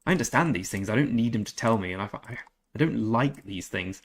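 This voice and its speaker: A little hiss or hum sits under this man's fairly low, lively voice as he streams a game. Chatting casually, he reads viewers' messages aloud, responds, and stumbles through some German.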